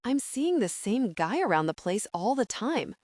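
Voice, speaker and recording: Woman reading a measured low-key husband, close dry read. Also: very animated, a little mellow, no room sound. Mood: uneasy. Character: calm adult husband, a bit uneasy. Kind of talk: audiobook character reading.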